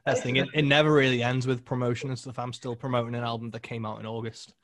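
A man's voice: mid-range voice, fast talker, no room sound, clean studio sound. A man hosting a podcast interview, chatting casually with lots of fillers. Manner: relaxed, lots of "like" and short agreements. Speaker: podcast host, musician.

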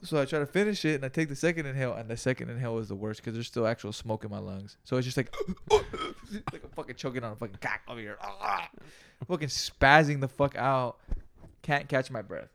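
A man co-hosting a podcast, telling a story in a casual, profane and animated way, acting out gasps and quoted lines. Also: mid-range voice, fairly quick. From California. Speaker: podcast co-host.

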